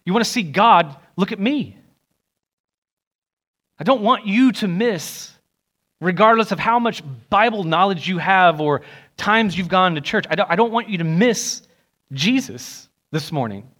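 A young man preaching a sermon in a church, animated and acting out the voices he quotes. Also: a little slow. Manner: animated, acts out quoted voices with rising pitch. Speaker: pastor. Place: church sanctuary.

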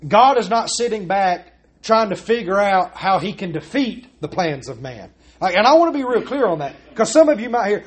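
A man's voice: high-pitched, sing-song, moderate pace. A man preaching a sermon as pastor, earnest and emphatic, stressing his points and asking rhetorical questions.

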